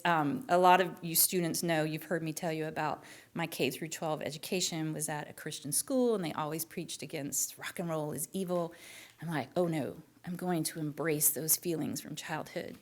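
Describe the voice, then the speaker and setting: A woman's voice: low voice, fairly even intonation, moderate pace. A woman from Florida, a school librarian hosting a story slam, telling a casual story in a chatty, rambling way full of fillers. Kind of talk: casual storytelling between acts.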